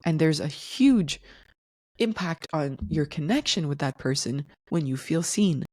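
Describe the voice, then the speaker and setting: A woman hosting a solo podcast, explaining things in a calm, teaching tone. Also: low-pitched, moderate pace, no room sound, clean studio sound. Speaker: podcast host.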